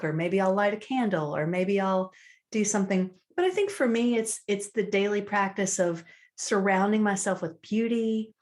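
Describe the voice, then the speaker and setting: A woman from the United States talks through her daily habits in a relaxed interview, reflective and easygoing. She is on a video call, and she often voices her own thoughts aloud as she speaks. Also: medium pitch. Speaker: personal style coach.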